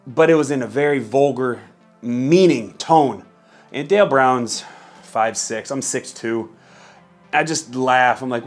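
A man's voice: medium pitch, normal speed, soft background music. A man casually telling a story from his old job to camera, candid and often profane. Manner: candid, profane, laid-back.

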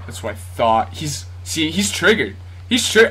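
Excitable man commentating his own basketball game. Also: on the high side, measured pace, a little hiss or hum. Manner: excitable, jumps between yelps and nervous muttering; talks straight to viewers, asks for likes. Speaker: YouTube gamer.

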